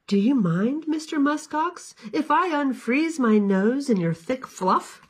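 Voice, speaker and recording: A woman's voice: high-pitched, expressive, slow, slightly rough, voice pushed up, heavily acted. A woman voicing a cold female arctic fox who politely coaxes for shelter in a storybook. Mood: coaxing. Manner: coaxing, polite.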